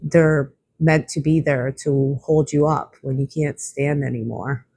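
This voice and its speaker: Slow, gravelly, soothing oracle card reader. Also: medium pitch, fairly even intonation, no echo. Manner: gentle, reassuring, slightly rambling. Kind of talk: spiritual oracle card reading.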